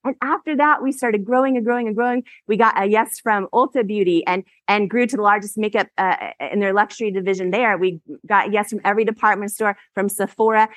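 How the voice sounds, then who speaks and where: A woman in her forties giving a motivational keynote on stage, telling stories with animated delivery and frequent laughter. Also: mid-range voice, a little fast, few pauses, no room sound. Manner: animated, laughs often, acts out quotes. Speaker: keynote speaker. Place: event stage.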